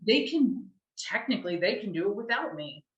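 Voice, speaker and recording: A woman's voice: mid-range voice, big pitch swings, normal speed, highs cut off. Life coach guest, woman, blunt and candid, roomy echo around her voice. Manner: frank, candid, swears casually. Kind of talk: casual chat.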